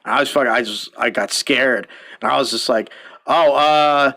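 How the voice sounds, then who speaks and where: A man's voice: mid-range voice, fairly even intonation, fairly quick, pushed and bright. A man hosting a podcast, telling profane, rambling stories in casual chat and laughing often. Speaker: podcast host.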